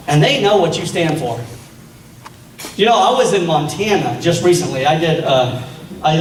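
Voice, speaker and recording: A man's voice: a little high, a little hiss or hum. A man giving a fiery political speech at a meeting, rousing the crowd with rhetorical questions. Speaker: political speaker. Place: meeting hall. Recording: echoey hall from far off.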